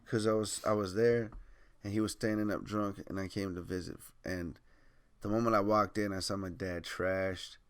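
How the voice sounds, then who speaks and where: A man's voice: on the low side, steady tone, normal speed, clear, resonant tone. Young guy on a podcast telling stories about his dad, cussing and laughing, does the voices. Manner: profane storytelling, acts out quotes, laughs often. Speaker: podcast co-host. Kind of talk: casual chat.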